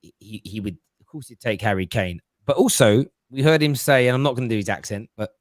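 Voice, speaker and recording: A man hosting a casual football chat, talking in an animated, rambling way with frequent restarts. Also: mid-range voice, fairly quick, dry recording, studio quality. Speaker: podcast host.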